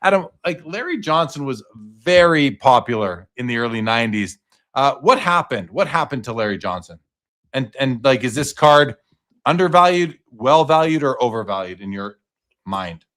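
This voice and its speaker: A man's voice: medium pitch, expressive, normal speed, fairly bright tone. Casual man hosting a live card auction. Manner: casual, reads out lot details and asks the guest questions. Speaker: host.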